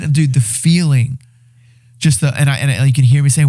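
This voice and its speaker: A young man, a podcast guest, excitedly retelling a survival story in casual, animated talk with swearing and restarts. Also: mid-range voice, brisk. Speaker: podcast guest, reality show winner.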